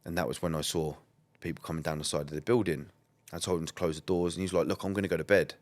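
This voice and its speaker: An English man with a very low, darkish voice tells his story as a podcast guest, speaking fast in a steady tone. His candid, conversational delivery rambles along, full of "like" and "um" fillers, and he's blunt enough to swear now and then.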